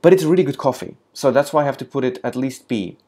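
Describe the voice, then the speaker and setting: A man's voice: mid-range voice, quick pace, warm tone. Hesitant man rating coffee shops. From lives in London. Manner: hesitant, many fillers and restarts, rising energy on "moving on". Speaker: coffee reviewer. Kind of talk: casual talk to camera, ranking coffee shops.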